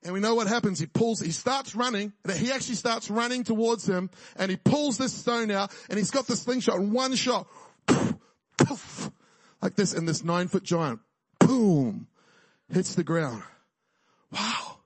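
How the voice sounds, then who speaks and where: Male preacher, high voice, dry close sound, casual humor. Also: moderate pace, dry recording. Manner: jokey, conversational preaching with frequent "right?" and laughs. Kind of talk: sermon.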